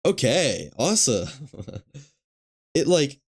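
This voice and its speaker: A man streaming a game, talking to himself in a relaxed, muttering way while he plays, with hiccups. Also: on the low side, moderate pace. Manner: muttering to himself, laid-back. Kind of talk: casual gameplay commentary. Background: game ambience and engine noise.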